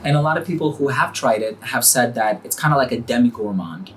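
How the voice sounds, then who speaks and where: A man's voice: mid-range voice, expressive, fast, fairly bright tone, slight background noise. Man explaining in friendly casual talk. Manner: explanatory, friendly, uses fillers like you know. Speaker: host and perfume brand founder. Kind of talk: casual interview.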